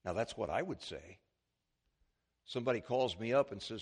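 A man's voice: on the low side, expressive, moderate pace, a little mellow, husky. A middle-aged man preaching a sermon as pastor, telling anecdotes and acting out the voices in them. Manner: storytelling preacher, acts out voices in his anecdotes.

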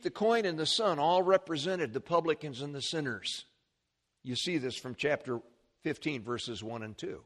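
A male pastor preaching a sermon, animated, with restarts and repeated words and side remarks to the congregation. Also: a little high.

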